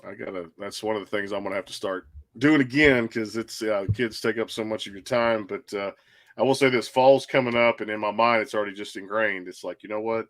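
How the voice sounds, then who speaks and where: A man in his thirties from Texas, hosting a casual interview, with rambling, easygoing questions and frequent throat clearing. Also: fairly low pitch, a little fast, fairly bright tone. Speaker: host.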